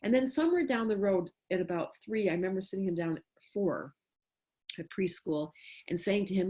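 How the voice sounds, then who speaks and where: Middle-aged woman talking parenting, animated, acts out little scenes, casual. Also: medium pitch, a little fast. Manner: animated, acts out what she says to children. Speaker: astrologer teaching parents. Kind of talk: casual teaching talk.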